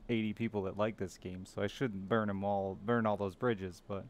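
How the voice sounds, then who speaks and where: A man's voice: on the low side, steady tone, normal speed. A man streaming a game live, chatting casually with viewers in a sardonic, teasing way and swearing freely. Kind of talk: casual gaming stream chat.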